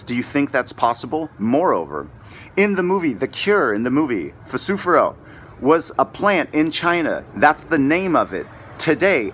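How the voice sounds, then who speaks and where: A middle-aged man in a heated solo rant, hectoring his audience and swearing freely as he circles back over the same points. His voice sits at an ordinary middle pitch, with faint noise in the background. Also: a bit bright. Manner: angry, profane, repetitive, hectoring. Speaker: video blogger. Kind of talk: ranting monologue to camera.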